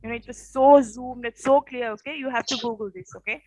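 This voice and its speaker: A woman teacher with a high voice and a rough morning rasp tells a story to her class. She talks casually, says "okay" often and keeps checking in with questions. The sound is dry and close, with no room around it. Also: steady tone, fairly quick, warm tone, dry recording, poor audio. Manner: peppers speech with "okay" and quiz questions.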